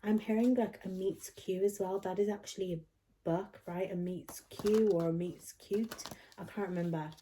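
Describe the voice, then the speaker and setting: Mellow-voiced woman giving an encouraging tarot reading. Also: mid-range voice, fairly even intonation, moderate pace, a little hiss or hum. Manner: earnest, encouraging, keeps checking in with "okay?". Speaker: tarot reader. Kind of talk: pick-a-card tarot reading.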